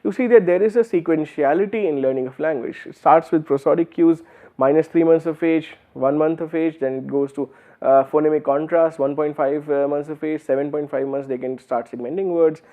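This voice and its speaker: A man's voice: on the high side, a little fast, dark tone. A man with an Indian English accent giving a university lecture, explaining patiently with many fillers and restarts. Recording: phone-like narrow band.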